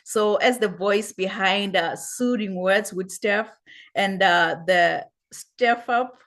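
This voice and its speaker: An enthusiastic woman hosts a talk show. She heaps praise on her guests, repeats her exclamations, and reads their bios aloud with warmth and excitement. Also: mid-range voice, slow. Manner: effusive, repeats "wow". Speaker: host. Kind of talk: enthusiastic interview show hosting.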